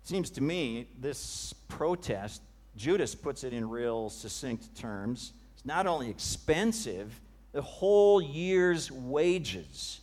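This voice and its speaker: A male preacher giving a sermon, retelling a scene with dramatic, vivid storytelling that often drops to a hush. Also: mid-range voice, animated, slow, husky.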